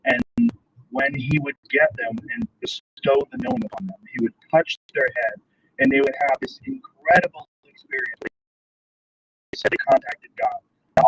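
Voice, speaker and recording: A man of medium pitch tells a story and then poses thoughtful, searching questions in casual talk. His voice sits a little back from the microphone, with faint noise underneath. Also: gravelly, far from the mic, poor audio. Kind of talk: casual conversation. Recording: voice a bit off-mic, faint noise.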